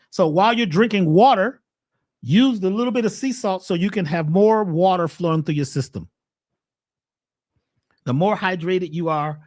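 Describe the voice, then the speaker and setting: A man presenting herbal health advice in a casual livestream talk, preachy and animated, throwing out rhetorical questions. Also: fairly high pitch.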